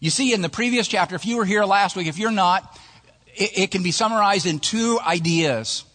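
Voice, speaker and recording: A male pastor preaching a sermon in a church, telling stories in an animated way and chuckling at his own jokes. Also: high-pitched, fairly quick. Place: church sanctuary. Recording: long church-hall reverb.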